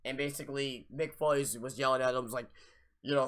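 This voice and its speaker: A young man hosting a live wrestling review, ranting in a profane, exasperated way with sudden loud outbursts. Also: medium pitch, fairly even intonation, fast. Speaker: podcast host reviewing wrestling.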